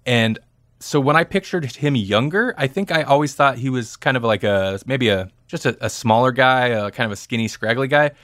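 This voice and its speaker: A man's voice: medium pitch, normal speed, a bit bright, dry recording, clean studio sound. A man hosting a podcast, chatting casually about movies in a rambling way and laughing easily. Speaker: podcast host. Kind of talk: casual movie-discussion chat.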